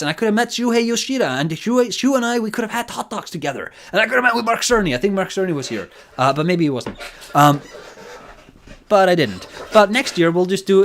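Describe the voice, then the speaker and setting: A man's voice: on the high side, a bit bright. A man with a nasal voice streaming a live reaction, chatting casually in a rambling, giggly, self-deprecating way.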